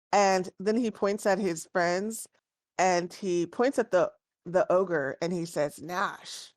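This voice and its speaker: A woman with a lowish voice runs a tabletop game, narrating scenes and questioning players in an easy, rambling way. She fills her sentences with ums and likes. Her voice is recorded close and dry. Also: no room sound. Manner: casual, relaxed, many fillers. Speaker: game master.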